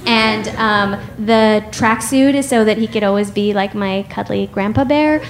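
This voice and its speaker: A woman's voice: medium pitch, a little slow. A woman from the United States telling a personal story with wry humor and frequent laughs.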